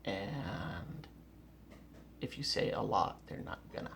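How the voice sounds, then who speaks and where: A man's voice: fairly low pitch, animated, slow, vocal fry, fairly bright tone, slight background noise. A man giving a casual instructional talk from home, blunt and emphatic, repeating key words and often restarting his sentences. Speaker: rapier melee instructor. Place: at home, indoors.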